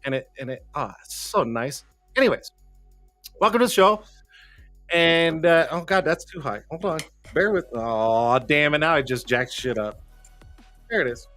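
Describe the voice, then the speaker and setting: A man's voice: fairly high pitch, lively intonation, moderate pace, long pauses, a bit bright, no echo. A man hosting a casual live stream, talking loosely and swearing freely, a little out of breath. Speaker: livestream show host. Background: faint background music.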